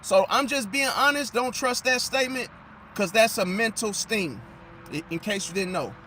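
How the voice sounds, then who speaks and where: A man giving an animated, emphatic astrology monologue and losing his voice. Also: sits high, moderate pace, slight background noise. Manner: animated, emphatic, repeats "see?"; drops into mocking impressions of others. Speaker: astrology commentator. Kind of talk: casual monologue.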